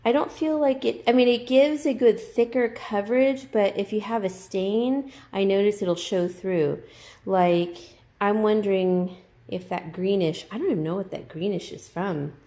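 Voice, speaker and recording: A woman narrating her home painting job in a casual vlog, rambling with fillers and small laughs, hurried for time. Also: medium pitch, mellow. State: hurried, under time pressure. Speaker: DIY vlogger. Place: inside a house, on the stairs and landing.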